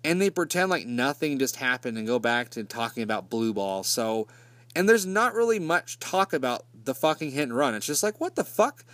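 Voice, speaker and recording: A man tearing into a movie with a steady stream of swearing and sarcasm, his pitch sitting right in the ordinary middle. The sound is dry and close, with no room echo at all. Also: normal speed. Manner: sarcastic and profane, with mocking asides. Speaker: movie reviewer. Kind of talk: casual profane movie recap.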